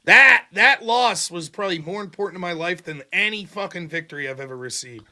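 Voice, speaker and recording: A man hosting a casual livestream, telling stories in a loose, profane, animated way. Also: sits high, a little fast, crowd noise. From America. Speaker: host.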